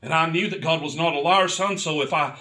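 A man's voice: fairly high pitch, fairly quick, sharp tone, far from the mic. A man, preaching a personal testimony with impassioned storytelling that builds to fervent cries. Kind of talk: sermon testimony.

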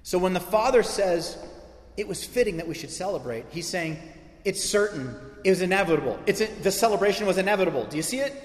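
A man's voice: high voice, expressive, fast. Emphatic male preacher in echoey hall. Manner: emphatic preaching with rising intensity and repetition. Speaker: pastor. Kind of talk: sermon.

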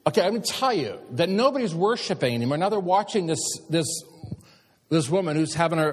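Husky pastor preaching in echoing church. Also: male voice, on the high side. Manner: storytelling, animated emphasis. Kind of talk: sermon. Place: church sanctuary. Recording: long church hall reverb.

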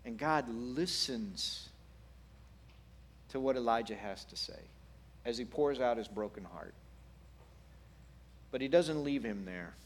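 Animated, playful male preacher. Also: medium pitch, slow pace, pauses often, slight background noise. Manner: animated, playful, wry humor. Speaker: pastor. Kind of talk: sermon.

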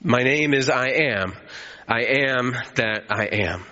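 A man's voice: medium pitch, expressive, slow, sharp tone, voice pushed down. A man voicing God, firm and solemn. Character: God, firm commanding male deity. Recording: echoey hall, slightly dull.

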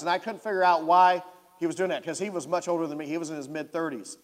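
Preacher in a reverberant hall. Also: male voice, a little high, fast. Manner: animated, talks to the congregation directly. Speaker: pastor. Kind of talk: sermon storytelling.

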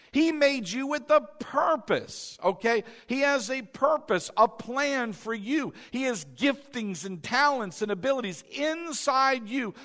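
High-voiced, animated preaching man. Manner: animated, calls the congregation to repeat after him. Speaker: pastor. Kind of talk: sermon.

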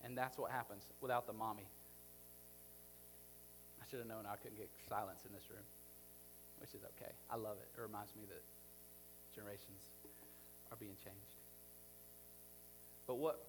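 A man, a pastor, preaching a sermon in a conversational, animated way, acting out the scenes he describes. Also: medium pitch, normal speed, pauses often, slight background noise.

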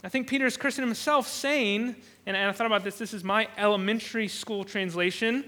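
A man's voice: high voice, steady tone, brisk, hardly any pauses, sharp tone. A man preaching an expository sermon who often repeats words while he thinks and acts out the quoted lines. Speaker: pastor.

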